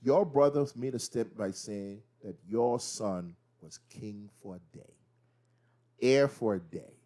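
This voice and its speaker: A man co-hosting a casual pop-culture chat, retelling TV scenes with animated, acted-out quotes. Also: fairly low pitch, slow. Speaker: podcast co-host.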